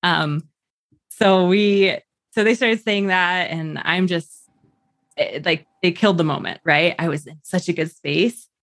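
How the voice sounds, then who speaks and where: A woman sharing her own story casually, animated, acting out the people in it and laughing often. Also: fairly low pitch, a little slow, no room sound, clean studio sound. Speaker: podcast guest sharing her birth story.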